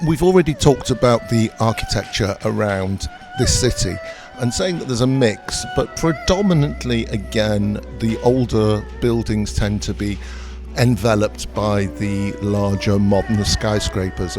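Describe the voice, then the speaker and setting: A man co-hosting a travel video, describing sights and teasing his partner. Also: lowish voice. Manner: teasing, wisecracking. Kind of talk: travel vlog banter and description.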